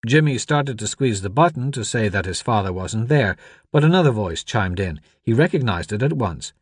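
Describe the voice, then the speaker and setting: Male audiobook narrator, measured and even, dry booth sound. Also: fairly low pitch, breathy edge, no echo. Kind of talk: scripted narration.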